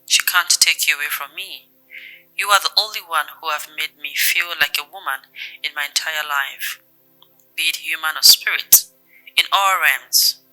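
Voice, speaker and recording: A woman's voice: sits low, normal speed, bright, forceful tone, soft background music, rough recording. An actress with a Nigerian accent voicing a possessive, menacing female spirit who speaks to her lover over the phone. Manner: seductive, menacing. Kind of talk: Nollywood film drama.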